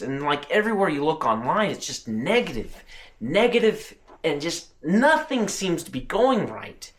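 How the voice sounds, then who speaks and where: A man speaking earnestly to camera about a personal spiritual experience. His pitch moves widely, rising and falling with feeling, and he often breaks off and restarts his sentences. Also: a bit bright. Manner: earnest, emotional storytelling with frequent restarts. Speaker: channel host and truck driver.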